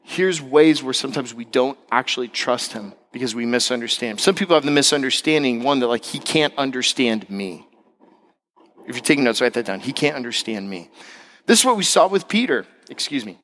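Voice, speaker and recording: A middle-aged male pastor preaches a sermon at a brisk pace. He's animated, imitating other people's voices, and his pitch jumps high when he gets excited.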